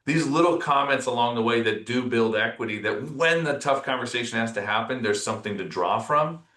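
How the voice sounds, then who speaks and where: Man, podcast guest, reflective storyteller, bright voice, roomy echo. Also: mid-range voice, brisk. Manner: reflective, storytelling, animated when quoting others. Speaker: podcast guest, company executive. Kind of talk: casual conversational interview.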